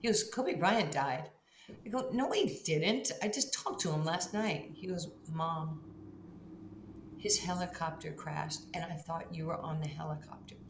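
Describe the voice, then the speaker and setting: A middle-aged woman with a fairly low voice tells a story as an interview guest, acting out the back-and-forth of each conversation. She sounds roomy and a little distant, with a faint hum underneath. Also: normal speed, gravelly. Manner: animated storyteller who acts out both sides of conversations. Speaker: guest, Hall of Fame basketball player.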